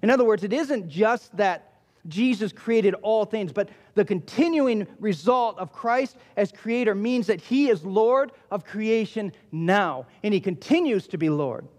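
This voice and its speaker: A man's voice: high-pitched, animated, measured pace, a little mellow. A male pastor preaching a sermon, emphatic and repeating key phrases for weight. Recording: long hall reverb.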